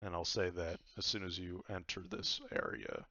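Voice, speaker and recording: A man's voice: sits low, level tone, moderate pace, pushed and bright, dry recording, muffled recording. A man narrating a tabletop game as game master, rambling with lots of fillers.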